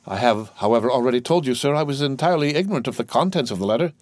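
A man's voice: medium pitch, animated, rapid-fire, dry recording, studio quality, natural voice. A man voicing an earnest young sailor held as a prisoner, speaking in an eager, pleading way in a raised voice. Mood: anxious. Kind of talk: audiobook character voice.

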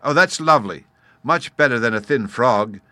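A man reading a storybook and voicing an excitable little cave girl, eager and breathless as her excitement rises. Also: mid-range voice, normal speed, no echo. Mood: pleading.

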